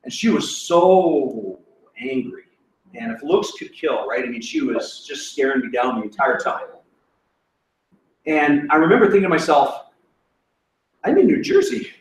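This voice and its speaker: A man's voice: mid-range voice, expressive, a little slow, slight background noise. Give me a man preaching with self-deprecating humor, recorded from a distance in an echoey hall. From Canada. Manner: self-deprecating, laughs at his own story. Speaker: guest speaker. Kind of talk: sermon storytelling. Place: church auditorium.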